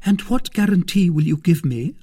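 A nervous young woman in a storybook reading, pitched well up and swinging through wide, lively rises as she questions and pleads, as a man puts her on. The tone stays mellow and a little husky underneath, eager and hesitant at once. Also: moderate pace. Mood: anxious.

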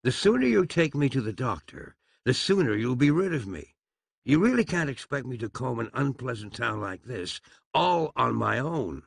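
A man voicing Dodo, a brisk and impatient young woman with a prim manner. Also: medium pitch, big pitch swings, vocal fry, breathy edge, no room sound, clean studio sound, full character voice.

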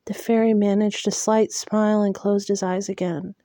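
A woman reading a fantasy novel aloud in a soft, unhurried and emotional way. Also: medium pitch, level tone, no room sound, studio quality. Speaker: audiobook reader.

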